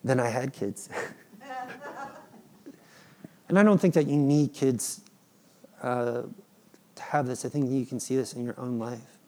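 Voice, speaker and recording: A man in his thirties, a father, preaching a sermon in an animated, playful way and acting out his children's pleading. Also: mid-range voice, unhurried, long pauses. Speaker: pastor.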